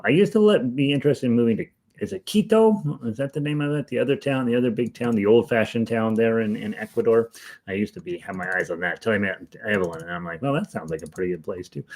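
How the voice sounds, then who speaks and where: A man with a slightly low, nasal voice that he himself likens to a frog. He talks in a loose, rambling way, greeting viewers by name as he gets an online harmonica class going from home. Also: lively intonation, fast talker, darkish tone. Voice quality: nasal, self-described as frog-like. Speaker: online music teacher. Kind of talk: casual livestream class chat. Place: home, in Denver.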